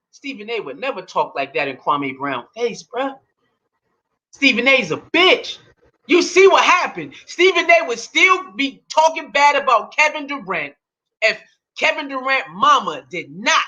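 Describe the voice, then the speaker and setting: A man's voice: very high voice, bright, forceful tone. A man in his thirties hosting a heated solo sports rant, indignant and profane, firing off rhetorical questions. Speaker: sports talk host.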